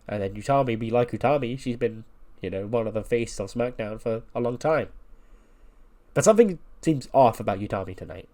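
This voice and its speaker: An ill man, sounding under the weather, casually recaps storylines from a wrestling simulation game. His delivery is loose and full of fillers, and his pitch sits mid-range. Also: a little mellow. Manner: casual, filler-heavy retelling. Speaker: game commentator.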